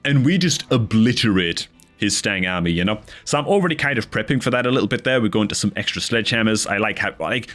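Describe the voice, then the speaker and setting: A man giving casual, animated commentary over his own strategy game match, chatty and frustrated at his misplays, dropping "dude" and "man" constantly. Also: on the low side. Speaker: gameplay commentator.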